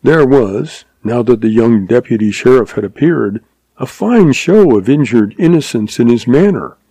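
A man narrating a story in an even, measured reading. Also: medium pitch, breathy edge, dry recording.

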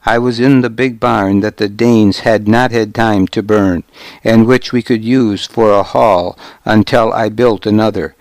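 Slow, measured male storyteller. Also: fairly low pitch, darkish tone, no room sound. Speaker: audiobook narrator. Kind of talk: scripted first-person novel narration.

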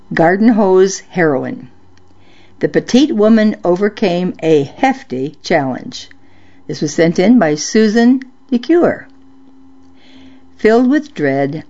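A woman with a low voice reads old-time stories aloud in a measured, steady narration. The sound is dull and lo-fi, like an old radio recording. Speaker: story reader. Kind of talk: scripted storytelling narration.

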